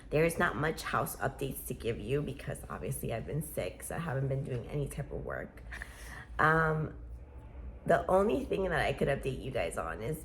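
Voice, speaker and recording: A woman with a low, gravelly voice talks through a casual vlog update. Her pitch swings widely as she rambles in a chatty, playful way and laughs easily. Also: sing-song, normal speed, slight background noise. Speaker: vlogger.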